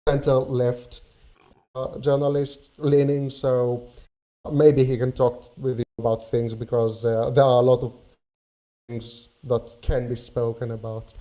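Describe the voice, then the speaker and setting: A young man with a German accent calls in to a live stream. He speaks hesitantly, searching for words. His voice has a mellow, warm tone. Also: mid-range voice, little pitch movement, measured pace, rough recording. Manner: hesitant, many fillers and restarts. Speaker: caller. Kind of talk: casual call-in chat.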